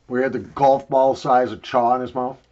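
A man's voice: medium pitch, flat delivery, fairly quick, a little mellow, lo-fi sound. An older man rambling and joking crudely while he talks around a wad of chewing tobacco in a casual review video.

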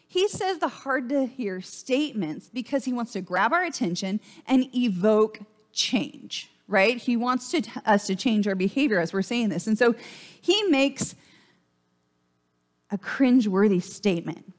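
A woman's voice: a little high, animated, a little slow. A woman pastor preaching a sermon in a church, in a chatty, conversational way and often checking in with "right?".

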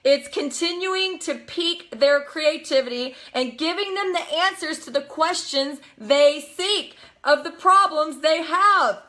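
Bright, high-voiced energetic woman coach. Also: measured pace, hardly any pauses. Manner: energetic, emphatic, acts out quotes with laughter. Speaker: network marketing coach. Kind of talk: live motivational talk.

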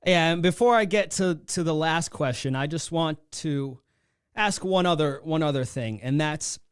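A male podcast host asking his guest questions in an earnest, admiring way with halting phrasing. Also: a little high, clear, resonant tone, no room sound, clean studio sound. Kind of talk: interview questions.

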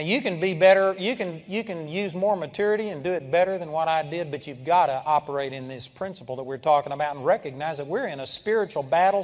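An older man preaching a sermon, telling folksy personal stories and breaking into loud shouts when he acts out a scene. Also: a little high. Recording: live sermon in a large reverberant hall.

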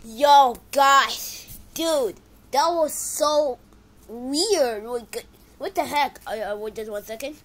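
Reacting to videos, a woman gives excitable, casual commentary full of exclamations, shifting from loud outbursts to quiet mumbling. She speaks slowly, and the audio quality is poor.

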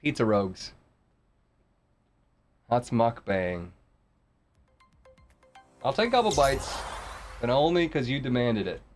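A male streamer chatting through a live game session, thanking viewers and thinking aloud about loot. His voice sits at an ordinary middle pitch, and game music plays faintly behind him. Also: sing-song, fairly quick. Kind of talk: casual live game commentary.

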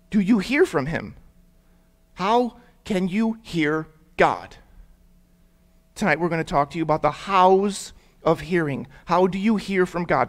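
High-voiced young preacher, lively and casual. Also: male voice. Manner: lively, prompts the audience to repeat words; conversational storytelling with casual fillers. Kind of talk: interactive sermon for young people.

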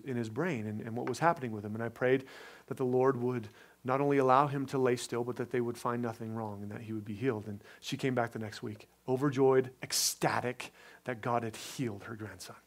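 A man pastor preaching a sermon, moving between loud emphatic preaching and quiet, conversational storytelling. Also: mid-range voice.

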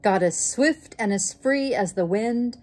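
A woman voicing a wise old female turtle in a storybook reading, speaking slowly and softly. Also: medium pitch, lively intonation, voice pushed up.

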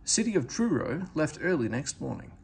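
A man reading a children's train storybook aloud, with expressive narration. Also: a little high, normal speed, vocal fry, a little hiss or hum. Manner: expressive, lively character reading. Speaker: storybook reader.

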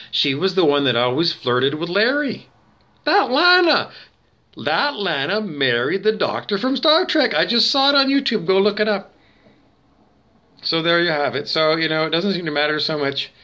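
A man's voice: on the high side, creaky, a bit bright, highs cut off. A man hosting a talk show, rambling and digressing as he thinks aloud, with many fillers and restarts. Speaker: show host. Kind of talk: rambling casual monologue.

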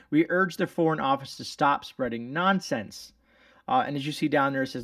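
A man's voice: mid-range voice, no echo, clean studio sound, far from the mic. A man hosting his channel, reading news articles aloud and commenting on them in a rambling, sarcastic way with many fillers and restarts. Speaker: channel host.

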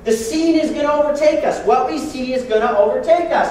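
A man preaching a sermon as pastor, joking and lively with sudden loud bursts. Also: very high voice, brisk, hardly any pauses, heavy reverb, distant mic, a little hiss or hum, poor audio.

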